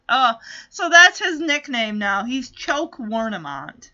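A woman's voice: high voice, very animated, moderate pace, sharp tone. A woman recapping a TV episode in a casual chat, joking and adding indignant asides. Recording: dull lo-fi audio.

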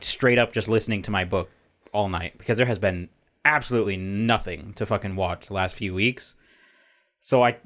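A man's voice: fairly low pitch, a bit bright. A man co-hosting a casual podcast, ranting bluntly and swearing about movies he disliked. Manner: blunt, profane, opinionated ranting. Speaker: podcast co-host. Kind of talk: casual chat.

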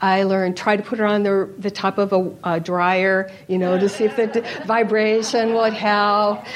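A woman speaking to a gathering, sharing a personal testimony. She tells the story in an animated way and repeats phrases for emphasis. Her voice sits at a middle pitch, and she speaks into a mic in front of her listeners. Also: moderate pace. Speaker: speaker at a Christian retreat.

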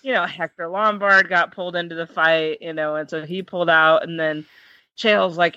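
A woman guest, a fight matchmaker, chatting in a casual interview, excitable and quick to laugh. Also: on the low side, no room sound, dull audio. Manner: excitable, laughs often, self-described nervous reactor. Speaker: MMA matchmaker and commentator, guest.

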